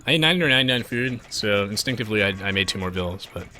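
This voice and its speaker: A man's voice: fairly low pitch, animated, fast, sharp tone, slight background noise. A man live-streaming a strategy game, chatting with viewers in a self-mocking, rambling way with lots of restarts.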